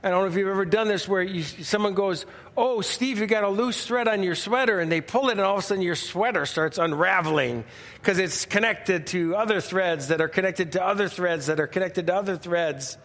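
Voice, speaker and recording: High-voiced man preaching a sermon. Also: a little fast, fairly bright tone, in a large hall. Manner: conversational, storytelling with frequent restarts. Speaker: pastor.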